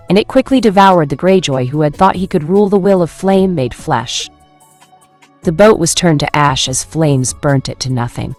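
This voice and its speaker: A woman narrating a fan fiction story in a steady, dramatic manner. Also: sits low.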